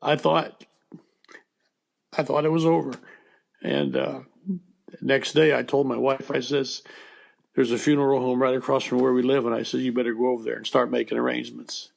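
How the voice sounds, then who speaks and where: Gravelly older American man, halting. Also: mid-range voice, little pitch movement. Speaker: former baseball coach, guest. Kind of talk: emotional storytelling interview.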